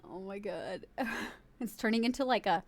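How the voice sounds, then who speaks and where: A woman's voice: mid-range voice, normal speed. A woman streaming live, chatting casually and giggling, swearing freely as she talks to her viewers and a friend in chat.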